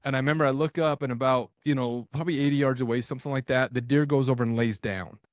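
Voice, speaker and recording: A man in his forties, a podcast guest, telling a story in a casual, animated way, full of restarts and quoted thoughts. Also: medium pitch, quick pace, no room sound, clean studio sound. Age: 40s.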